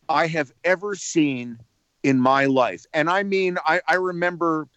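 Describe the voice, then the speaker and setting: A man from New Jersey, a radio personality calling in to tell a lively anecdote, repeating words as he builds up the story. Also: on the high side, measured pace, no room sound.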